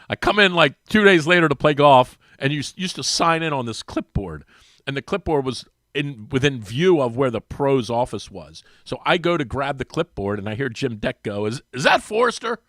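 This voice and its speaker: A man, a regular guest on a sports radio show, telling a long animated story and acting out the voices of the people in it. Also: normal speed, no echo, clean studio sound. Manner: lively storyteller, acts out quoted voices with big pitch jumps. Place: radio studio. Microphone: studio microphone.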